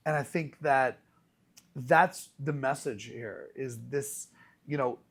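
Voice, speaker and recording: A man hosting a podcast as a rabbi, telling stories in a casual, animated way with many restarts. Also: medium pitch, slow pace. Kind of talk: casual conversational storytelling.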